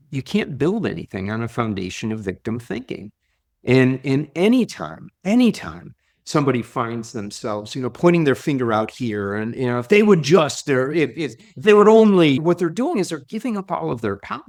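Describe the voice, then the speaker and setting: Animated man telling stories in an interview. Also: mid-range voice, moderate pace. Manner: animated, repeats and restarts words often. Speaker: leadership coach, podcast guest. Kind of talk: conversational interview storytelling.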